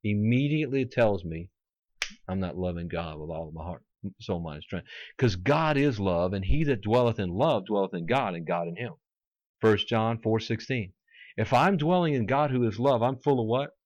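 A man's voice: lowish voice, animated, normal speed, a little mellow, no room sound, muffled recording. A man preaching a fervent sermon, quoting scripture and acting out mocking voices.

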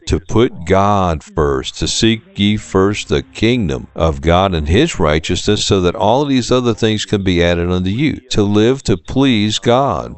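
A man's voice: deep voice, smooth. A man preaching a sermon with fervent, rising and falling emphasis.

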